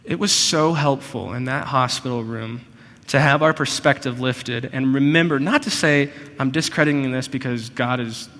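A man preaching a sermon, earnest and personal, often slowing down to stress a point. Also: medium pitch, fairly bright tone, in a large hall. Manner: earnest, personal, slows for emphasis. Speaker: pastor.

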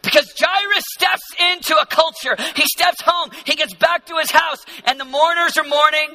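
A male pastor preaches an emphatic sermon in a very high, piercing voice. He repeats phrases for effect and swings between loud declarations and hushed passages. His tone is bright and sharp. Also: moderate pace.

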